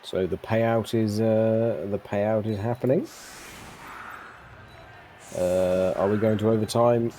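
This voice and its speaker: A man's voice: fairly low pitch, fairly even intonation, slow pace, long pauses, dark tone, slight background noise. A young man casually commentating a tabletop sports video game live, chatty and full of fillers and repeats. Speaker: game caster.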